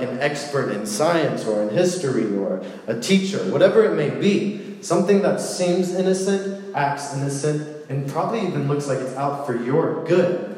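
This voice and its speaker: A man giving a casual, playful sermon, telling a story with lively asides. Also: fairly high pitch. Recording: echoey hall with long reverb.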